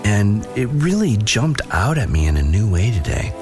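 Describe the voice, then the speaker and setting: A low-pitched man preaches with a lively, swinging voice. He tells the story in an easy, chatty way, with casual slang. Faint music plays underneath. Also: normal speed. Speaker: pastor. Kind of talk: sermon.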